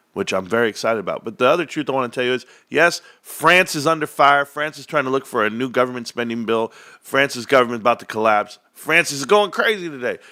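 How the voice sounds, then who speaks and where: A man's voice: medium pitch, bright, forceful tone, no room sound, studio quality. A man hosting a casual stock market livestream, rambling and joking while answering chat viewers. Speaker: livestream host.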